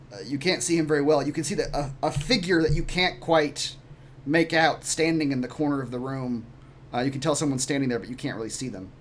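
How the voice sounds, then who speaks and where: A man narrating a tabletop game as game master, halting often with fillers as he describes scenes. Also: medium pitch, a little hiss or hum.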